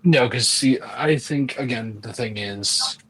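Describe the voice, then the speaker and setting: Husky, blunt male co-host. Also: medium pitch, slow, sharp tone, poor audio. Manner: argumentative, blunt. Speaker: podcast co-host. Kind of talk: casual chat.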